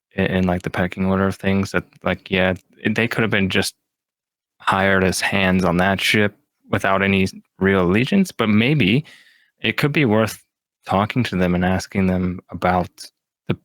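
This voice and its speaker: A man's voice: low-pitched, fairly bright tone, dry recording. A man who is a tabletop game player, chatting casually in a thoughtful, tentative way. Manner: thoughtful, tentative, often unsure. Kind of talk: casual chat about a tabletop campaign.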